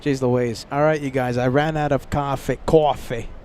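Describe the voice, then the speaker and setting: A sleepy, jet-lagged plane spotting livestream host talks casually with viewers by name from outdoors near an airport. He has a medium-pitched, flat, slightly mellow voice at a normal speed, with slight background noise.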